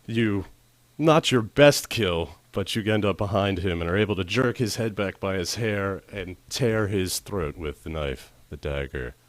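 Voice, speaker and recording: A man running a tabletop game as dungeon master, chatty and quick with asides, often laughing. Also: deep voice, expressive, no echo. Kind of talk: narrating a tabletop game on a livestream.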